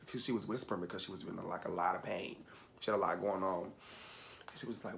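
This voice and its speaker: A man's voice: low voice, fast, gravelly, fairly bright tone, slight background noise. A young man telling a personal story in casual chat, candid and rambling, fighting back tears at moments.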